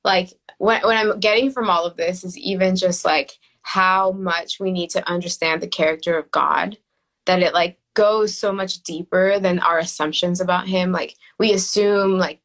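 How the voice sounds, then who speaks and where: A woman's voice: lowish voice, fairly even intonation, normal speed, a bit bright. A woman co-hosting a casual faith podcast, talking reflectively with many fillers. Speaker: podcast co-host.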